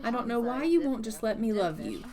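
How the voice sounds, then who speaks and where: A woman's voice: a little high, expressive, a little fast, crowd noise, natural voice. A woman doing a sweet-talking female vampire. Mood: coaxing. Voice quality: sweet, coaxing, calls everyone honey. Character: flirty, possessive female vampire, adoring.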